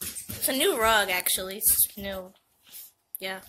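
A woman's voice: medium pitch, slow, bright, forceful tone, slight background noise. A young woman playfully teasing and coaxing her small child at home while filming a casual vlog. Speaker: vlogger, mother. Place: home living room.

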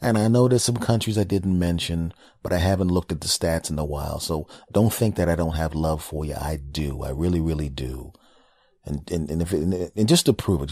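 A man's voice: very deep voice, darkish tone, husky, no echo. A man hosting his own podcast, riffing in a brash, joking, profane casual monologue. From United States. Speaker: podcast host.

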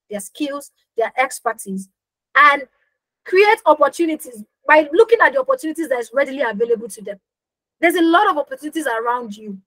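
A young woman teaching a live online business class in a high, bright voice. She speaks with emphasis, repeats key phrases for effect and keeps asking her listeners questions. The sound is close and dry, with no room around it. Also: no room sound, low-quality recording. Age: young adult. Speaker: business coach hosting a workshop.

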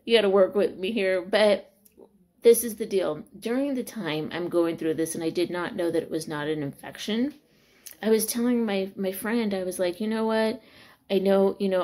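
Bubbly woman vlogging with excitement. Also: medium pitch, normal speed. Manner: bubbly, exclamatory, laughing often. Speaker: vlogger sharing faith and school news. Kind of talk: excited casual vlog testimony. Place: small corner of a room.

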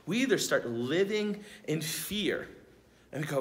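A young man speaking as a camp youth speaker, giving a casual devotional lesson for kids in a relaxed, chatty way, asking rhetorical questions and checking in with his listeners. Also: on the high side, moderate pace.

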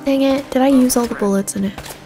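A woman streamer giving casual commentary on her game, excitable and jumpy, often joking at herself. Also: high-pitched, fairly quick, over music. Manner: excitable, jumpy and self-mocking while playing. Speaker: gaming streamer. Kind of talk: casual let's play commentary.

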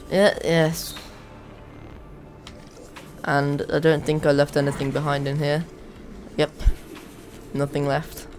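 A young man giving casual let's play commentary, chatty and easily exasperated. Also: fairly high pitch. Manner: chatty, exasperated, self-mocking. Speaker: gaming video host. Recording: voice over game audio and music.

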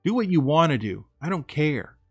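A man's voice: a little high, big pitch swings, normal speed, husky, dry recording, heavily acted. A man voicing an angry, selfish ex-wife who speaks in accusing, indignant bursts. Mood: furious.

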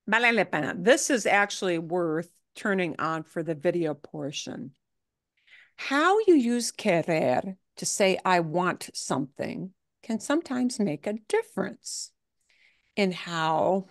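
A woman teaching a beginner Spanish class, explaining grammar in a chatty, lively way. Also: lowish voice, vocal fry, no room sound, studio quality. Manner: chatty, animated, acts out examples in funny voices. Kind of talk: online language class, explaining.

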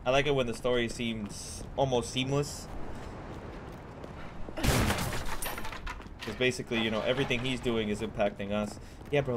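Guy doing let's play commentary, swears a lot, gets hyped, game noise in the back. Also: medium pitch. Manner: casual, profane, excitable. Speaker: gamer. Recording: game audio behind the voice.

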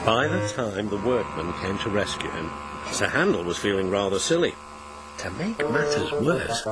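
A man narrating a children's story about engines in a gentle, even storyteller's voice. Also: lowish voice. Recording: narration over loud background music.

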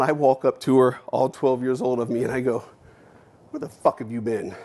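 A man gives a keynote speech from a university stage, telling a personal story in a mid-range voice. His delivery is dramatic, dropping to a hush and then rising to emphatic punches. He acts out his own past remarks and swears casually. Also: mid-range voice. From United States. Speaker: keynote speaker.

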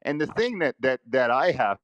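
A man asking a question in a halting, hesitant way, repeating words as he searches for them. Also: mid-range voice, big pitch swings, fairly bright tone, dry recording, muffled recording. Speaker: participant.

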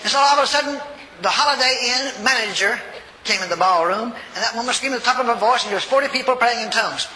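An older man preaching a sermon, telling a story in a folksy, animated way and acting out the voices. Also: extremely high pitch, fast talker. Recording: reverberant hall, faint noise.

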